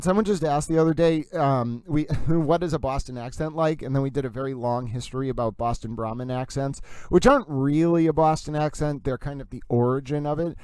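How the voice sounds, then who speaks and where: Male stream host, animated and chatty, smooth resonant tone. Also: mid-range voice, no room sound. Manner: chatty, reads viewer comments aloud; animated and gossipy, laughs while reading. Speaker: livestream host discussing a court ruling. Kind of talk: casual livestream commentary.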